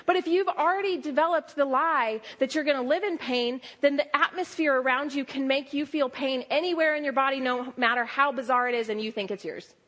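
A young adult woman preaching a sermon, telling stories with lively quoted asides. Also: sits high, brisk, hardly any pauses.

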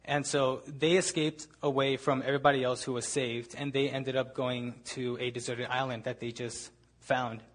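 A young man giving a casual storytelling talk to a gathering, relaxed and chatty, leaning on filler words. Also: medium pitch, normal speed. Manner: relaxed, chatty, leans on "like" and "ended up". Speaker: speaker at a gathering.

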